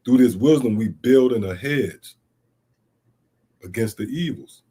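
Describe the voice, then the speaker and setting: A man's voice: medium pitch, animated, measured pace, warm tone, slightly rough. A middle-aged man teaching scripture, reading verses aloud and then explaining them emphatically with rhetorical questions and casual asides like "see?" and "man.". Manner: casual street-inflected speech with "man" and "see?". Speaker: Bible teacher. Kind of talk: scripture teaching streamed online.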